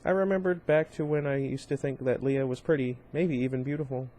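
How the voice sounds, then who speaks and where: A man's voice: mid-range voice, fairly even intonation, a little fast, dark tone. Man casually reading a novel aloud. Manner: informal, with slips, restarts and brief asides. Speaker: reader.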